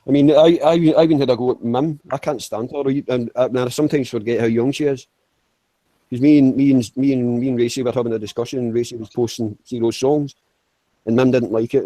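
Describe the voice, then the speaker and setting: A man's voice: mid-range voice, mellow, no room sound, rough recording. A man chatting casually, rambling with stammered restarts and frequent swearing. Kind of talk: casual chat.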